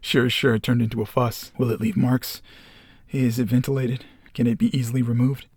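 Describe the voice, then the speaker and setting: A man's voice: medium pitch, little pitch movement, moderate pace, darkish tone, no echo, clean studio sound, lightly acted. A man voicing an awkward young man in his twenties in a screenplay reading, hesitant and stammering. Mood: nervous.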